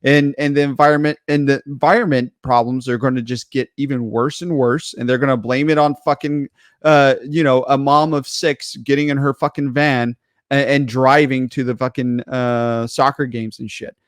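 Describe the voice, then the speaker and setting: A man's voice: mid-range voice, flat delivery, moderate pace, no room sound. Guy ranting and cussing a lot on a podcast, mid voice, dry sound. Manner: profane ranting, heavy swearing. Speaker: podcast co-host. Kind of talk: casual podcast banter.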